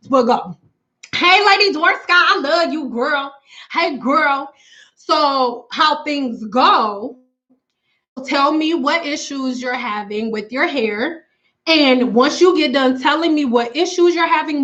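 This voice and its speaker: A woman's voice: high voice, sharp tone, dull audio. A woman hair stylist chatting casually on a live stream with viewers, talking in a blunt, frank and slangy way. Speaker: natural hair stylist and consultant.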